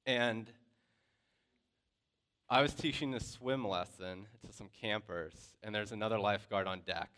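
Guy with a smooth clear voice telling a story to his class, loose and chatty. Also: lowish voice, unhurried, long pauses. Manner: lively storyteller, loose and conversational with many fillers. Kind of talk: personal story told to a class.

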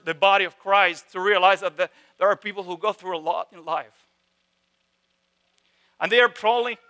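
A man preaching a sermon, emphatic, with slow repeated phrases and sudden drops from loud stresses to hushed tones. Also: sits high. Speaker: pastor.

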